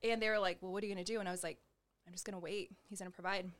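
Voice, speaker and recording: A woman's voice: medium pitch, steady tone, racing, fairly bright tone. Young adult woman, faith testimony, casual conversation, lots of "like", acts out quoted dialogue, talks with her hands. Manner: chatty, heavy use of "like", acts out quoted dialogue; gestures while talking. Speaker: guest sharing her testimony.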